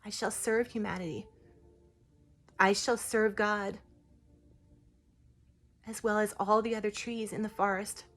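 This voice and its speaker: A woman channeling a hushed, solemn tree spirit. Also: medium pitch, fairly even intonation, lightly acted. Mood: solemn, tender. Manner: soft, solemn, slow and hushed. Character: humble, gentle ancient tree spirit.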